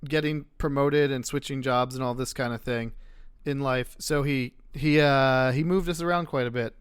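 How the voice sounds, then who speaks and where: A man's voice: mid-range voice, steady tone, moderate pace, smooth. A man in his late twenties, a podcast guest telling a rambling, self-deprecating story in casual chat.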